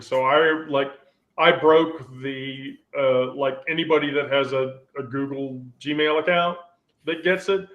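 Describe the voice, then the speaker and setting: A man hosting a relaxed group chat, rambling and often restarting his sentences. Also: mid-range voice. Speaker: host. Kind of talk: casual chat.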